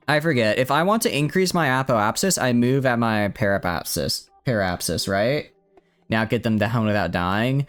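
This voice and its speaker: A man's voice: on the low side, fairly bright tone, clear, resonant tone. A man streaming a video game in casual live commentary, thinking aloud and tripping over words as he restarts.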